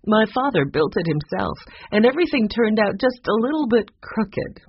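A narrator voicing a kindly older housekeeper, gentle and worried, with a soft, fretful way of talking. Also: medium pitch, big pitch swings, moderate pace, a little hiss or hum, pitched above the performer's own voice. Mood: reminiscing. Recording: dull lo-fi recording.

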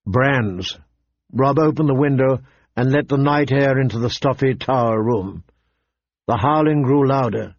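A man giving a measured, steady reading of a novel as narrator. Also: medium pitch, no room sound, highs cut off. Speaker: audiobook narrator. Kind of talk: scripted narration.

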